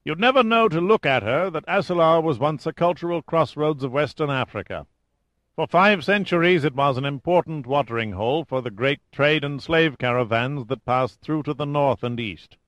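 A man's voice: on the high side, normal speed, fairly bright tone, no room sound, voice pushed up, close to an everyday voice. A man voicing a self-assured ex-marine safari leader who speaks in clipped, rehearsed tones, read from a storybook.

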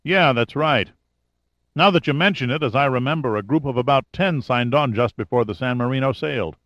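Male narrator playing a relaxed investigator on the phone, dull lo-fi recording. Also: medium pitch, brisk, no echo, lightly acted. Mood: recalling. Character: friendly male private investigator.

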